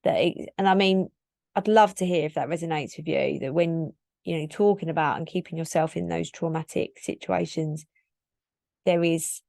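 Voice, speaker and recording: Low-voiced woman in her thirties, candid. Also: vocal fry, a little mellow, no room sound, studio quality. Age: 30s. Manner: candid, reflective, rambling with frequent "like" fillers. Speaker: podcast host. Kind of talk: solo podcast monologue.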